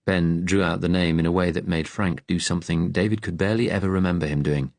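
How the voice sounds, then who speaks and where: An audiobook narrator with a deep, low-pitched voice reads a wartime thriller in a steady, serious, measured way. The scripted narration sounds close and dry, with no room sound at all.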